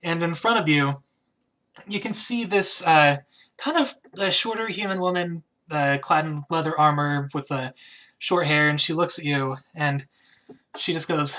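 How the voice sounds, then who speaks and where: A man's voice: on the high side, measured pace, pushed and bright. A man narrating as game master in a tabletop game, talking casually with frequent hesitations. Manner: casual, hesitant, lots of "kinda".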